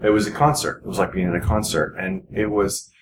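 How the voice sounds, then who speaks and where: A man in his forties, a podcast guest, talking earnestly in a rambling, halting way full of restarts. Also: sits low, steady tone. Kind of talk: casual podcast conversation. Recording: echoey room with noticeable background noise.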